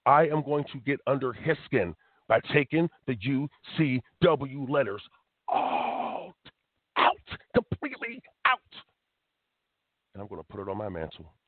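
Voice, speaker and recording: A man's voice: fairly low pitch, moderate pace, no echo. A man hosting a wrestling talk show on internet radio, talking in a heated, emphatic way. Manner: animated, riled up, emphatic. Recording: tinny phone-quality internet radio.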